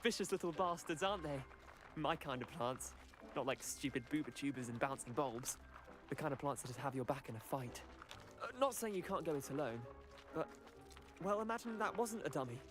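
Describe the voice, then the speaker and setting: A man's voice: on the high side, a little fast, music in the background, lightly acted. A young man voicing a brash, scrappy student in a video game who talks in a cocky, chatty way.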